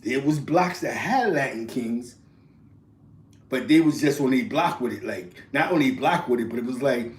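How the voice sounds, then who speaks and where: In an echoey room, an East Harlem man with a New York accent speaks expressively at a normal speed in a mid-range voice. His casual storytelling wanders through street tales full of slang, and he frequently tags lines with "you know what I'm saying" followed by a laugh.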